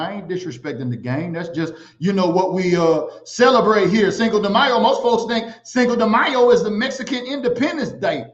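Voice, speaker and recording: A man hosting a casual livestream, animated and giving shout-outs to viewers. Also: high voice. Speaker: livestream host. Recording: echoey, slightly dull sound.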